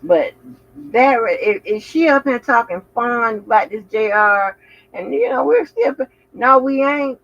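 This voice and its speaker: High, bright-voiced reaction host. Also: female voice, unhurried. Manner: profane, animated, talks back at the screen. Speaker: commentary channel host. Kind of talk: reaction commentary. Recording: muffled with faint background noise.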